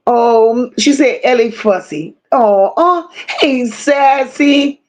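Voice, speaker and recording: A woman's voice: a little high, expressive, slow pace. A woman hosting a livestream, casually greeting viewers by name and reading their comments, affectionate slang and frequent swearing. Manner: reads chat names aloud, affectionate slang and swearing. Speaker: livestream host.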